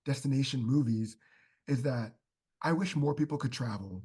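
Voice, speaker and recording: Husky man telling heartfelt stories. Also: medium pitch, normal speed, darkish tone. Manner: heartfelt storytelling, many fillers like "like". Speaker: podcast guest. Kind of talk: casual podcast chat.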